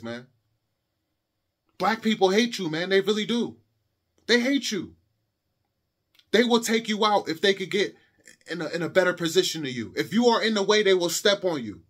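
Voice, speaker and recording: A man's voice: sits high, a bit bright, breathy edge. A young adult man giving a heated monologue to camera, impassioned and repetitive, lecturing his viewers. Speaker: video commentator.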